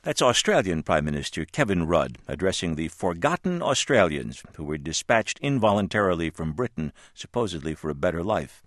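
A man reads a news feature with a wry, knowing tone. His voice sits very low but moves a great deal in pitch. The sound is dry and close, with no room around it. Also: dry recording. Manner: wry, lively delivery. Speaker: news reporter. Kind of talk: scripted news narration.

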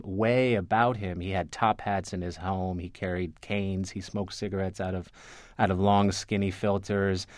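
A man, a newspaper reporter, telling anecdotes in a relaxed interview, full of restarts, fillers and repeated words. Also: fairly low pitch, dry recording, studio quality. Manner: rambling, many restarts and fillers. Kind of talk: conversational interview storytelling.

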